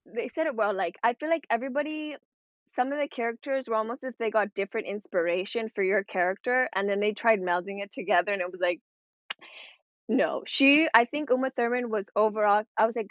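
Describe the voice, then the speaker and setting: A woman's voice: mid-range voice, a little fast, no echo. A woman co-hosting a podcast in casual chat, rambling and swearing, laughing often as she talks. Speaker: podcast co-host. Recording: dry, dull lo-fi sound.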